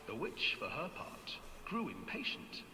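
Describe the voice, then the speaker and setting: Hushed fairy-tale narrator. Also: male voice, on the high side, wildly swooping pitch, unhurried, background noise. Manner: theatrical, dropping to a hush. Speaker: storybook narrator. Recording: long reverb with music behind.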